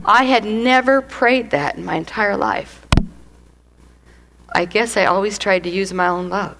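Woman, middle-aged, testimony sermon, animated, laughing, faint background noise. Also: mid-range voice, unhurried, vocal fry, pauses often. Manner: animated storytelling, laughs often, acts out quoted voices. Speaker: church speaker giving a testimony.

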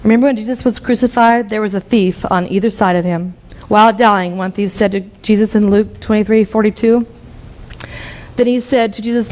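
A woman's voice: mid-range voice, fairly even intonation, a little fast, darkish tone. A middle-aged woman preaching an earnest Bible-teaching sermon, reading scripture passages aloud.

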